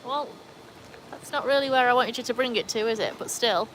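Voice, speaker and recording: A woman's voice: fairly high pitch, fast talker, noisy background. A woman with an English accent tinged with Welsh, chatting casually on a livestream and answering viewer comments from her backyard. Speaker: livestream host.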